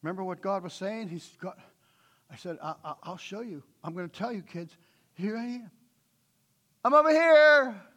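A middle-aged man preaching a sermon, swinging from loud, impassioned calls to quiet, conversational storytelling. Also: high voice, normal speed. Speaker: pastor.

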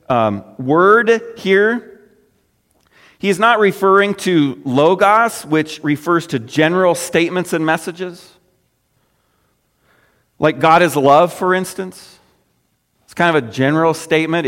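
Man preaching in a reverberant hall. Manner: conversational preaching with restarts, voice dropping low and soft at phrase ends. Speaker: pastor. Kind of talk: sermon.

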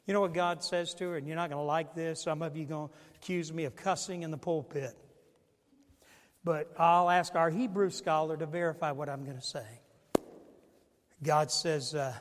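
A male pastor preaching a sermon in a church, swinging from hushed tones to shouting. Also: fairly high pitch, normal speed, long reverb tail. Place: church sanctuary.

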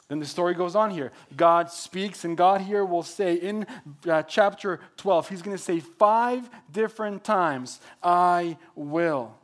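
A man with a notably high voice for his sex preaches a sermon, pressing each point hard and repeating key phrases for weight. He speaks as a pastor to his church. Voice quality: emphatic, builds points through repetition.

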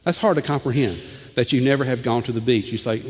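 Animated preacher in an echoing hall. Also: male voice, mid-range voice, quick pace. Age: 40s. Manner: animated, repeats words, swings from loud to hushed. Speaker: pastor. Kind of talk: sermon.

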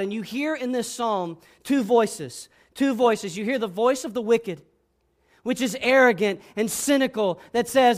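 Impassioned preacher, a man with a high voice. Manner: impassioned, repeats words, drops to hushed tones. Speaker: pastor. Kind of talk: sermon with scripture reading.

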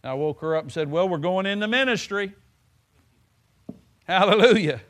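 A pastor preaches a folksy sermon, stretching words for emphasis and breaking in with "hallelujah." His voice is high-pitched, expressive, and a bit bright, delivered at a moderate pace.

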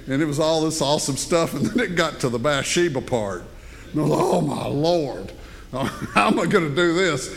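An older man preaching a sermon as pastor, folksy and animated, joking with the congregation. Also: a little high. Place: church sanctuary. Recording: long hall reverb.

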